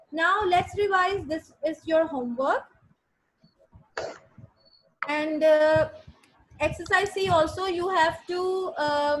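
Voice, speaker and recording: A woman's voice: high voice, low-quality recording. A woman teacher giving a grammar lesson to a class, patiently repeating sentences and spelling words out letter by letter. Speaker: English teacher.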